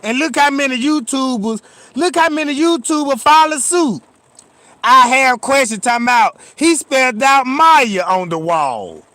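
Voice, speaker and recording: A man giving reaction commentary, animated and profane, who keeps turning to his viewers with questions. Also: extremely high pitch, a little slow, dry recording.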